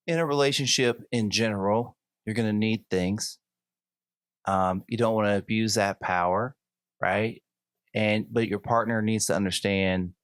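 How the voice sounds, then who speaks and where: A low-voiced man hosting a podcast and talking like a coach, working through fillers and false starts before his advice lands. The sound is dry and close, with no room around it. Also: clean tone, no echo. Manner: halting, many fillers and restarts before advising. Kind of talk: casual conversation, giving advice.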